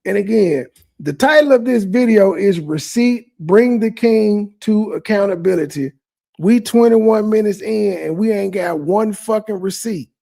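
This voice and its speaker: A man delivers reaction commentary in a blunt, mocking, insulting manner. His voice sits high and carries a gravelly fry. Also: measured pace, warm tone. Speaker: commentary host.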